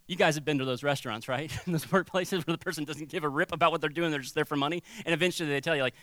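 Man, pastor, sermon, crisp dry voice, animated and conversational. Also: fairly high pitch, rapid-fire, no room sound.

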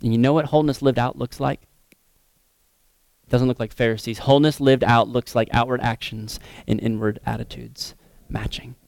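A pastor preaching a sermon in an earnest manner, swinging between emphatic, raised passages and soft, hushed ones. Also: male voice, mid-range voice, little pitch movement, normal speed, creaky, dry recording.

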